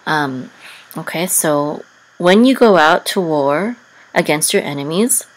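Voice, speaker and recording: Woman teacher, unhurried and patient, low-pitched, breaks into chant. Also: animated, poor audio. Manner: patient, step-by-step, many ums, breaks into sung trope. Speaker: Hebrew and Torah chanting teacher. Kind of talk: slow explanatory lesson with chanted examples.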